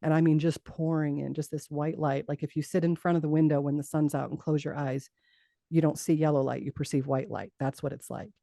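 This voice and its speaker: Middle-aged woman telling her story, gravelly warm voice, acts out quotes, laughs a lot, dry close mic. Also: low voice, little pitch movement, fairly quick, no echo. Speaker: guest. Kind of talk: recounting a personal story in an interview.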